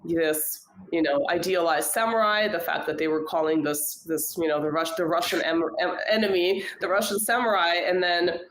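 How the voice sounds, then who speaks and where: Low-voiced woman chatting in an echoey room. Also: moderate pace, few pauses. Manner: thoughtful, hedging, frequent fillers. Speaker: podcast guest. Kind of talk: casual conversation.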